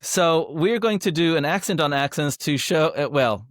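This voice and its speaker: A male podcast host chats casually with a guest in a friendly way, often restarting his sentences. His voice sits a little high and sounds dry and close to the mic. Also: lively intonation, normal speed, dry recording. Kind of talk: casual interview chat.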